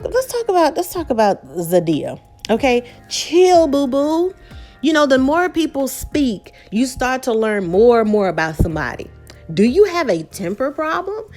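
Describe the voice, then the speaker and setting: Sassy woman recapping reality TV. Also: on the high side. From Southern United States. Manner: sassy, talks straight to viewers. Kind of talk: casual reality show recap.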